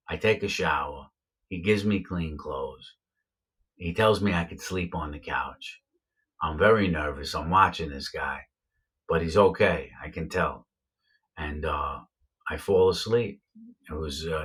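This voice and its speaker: A man casually recounting his own past, rambling with lots of fillers and repeating himself. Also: slightly rough. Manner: acts out quoted voices with sharp pitch jumps. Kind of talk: casual first-person storytelling.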